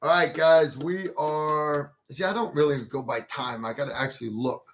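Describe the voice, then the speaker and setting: A man's voice: fairly high pitch, moderate pace. A man hosting a casual livestream, rambling and joking about himself. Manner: joking, rambling, self-deprecating. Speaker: livestream host.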